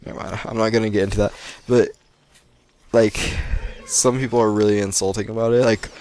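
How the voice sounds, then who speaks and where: A young American man talks over a game recording in a loose, rambling way, drifting between the action and unrelated tangents. His voice sits a little low, and he laughs often. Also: level tone, a little fast, darkish tone. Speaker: let's play gamer. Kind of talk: post-recorded gameplay commentary.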